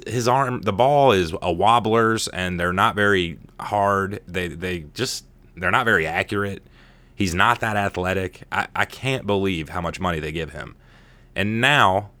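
A man's voice: deep voice, fairly bright tone, dry recording. A man hosting a casual sports podcast, ranting and swearing in exasperation. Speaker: podcast host.

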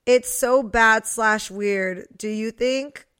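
A woman's voice: a little high, slow, fairly bright tone, clean tone. Chatty, candid woman podcast host. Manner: candid, chatty, reads a listener's message aloud. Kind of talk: casual chat.

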